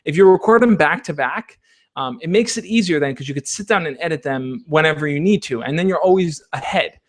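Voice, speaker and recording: A man with a slightly raised voice hosts a relaxed Q&A stream. He gives encouraging, coach-like advice and keeps checking in with the people listening. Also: on the high side, a little fast. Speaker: advice channel host. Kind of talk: casual Q&A livestream.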